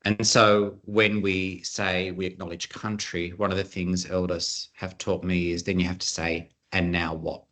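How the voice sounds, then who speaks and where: A man's voice: deep voice, level tone, a little slow, hardly any pauses, fairly bright tone. A man presenting at an online conference over a video call, earnest and chatty, with frequent fillers.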